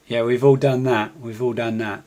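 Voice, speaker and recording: A man talks through a live stream in a chatty, self-mocking way, keeping the patter going and coaxing his viewers to join in. His voice sits at an ordinary middle pitch for a man. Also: darkish tone. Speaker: trading live-stream host. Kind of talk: casual live-stream chat.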